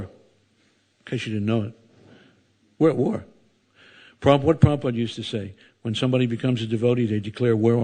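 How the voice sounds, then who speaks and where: An older man speaks to a temple gathering in a storytelling sermon. He spins his tale with frequent asides and brings its characters to life by voicing them. His pitch sits in an ordinary middle range. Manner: animated storyteller, acts out voices, many asides. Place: temple hall before an audience.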